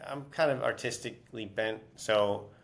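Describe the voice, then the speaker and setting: A man's voice: on the low side, normal speed, gravelly. Rambling man telling stories. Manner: rambling, many fillers and restarts, laughs while telling stories. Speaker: interviewed author. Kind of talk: casual storytelling interview.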